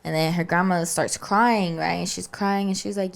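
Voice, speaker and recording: A woman's voice: on the low side, steady tone, normal speed, gravelly. A woman podcast co-host casually telling a spooky story, chatty and always checking in with "right?" and "like.". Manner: chatty, keeps saying "right?" and "like".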